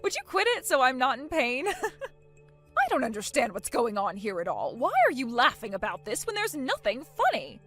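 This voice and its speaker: A woman voicing a bossy, angry middle-aged mother-in-law who talks loudly and indignantly in an animated story. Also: high-pitched, normal speed, exaggerated voice. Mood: commanding. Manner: loud, indignant, demanding. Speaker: voice actor. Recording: faint music underneath.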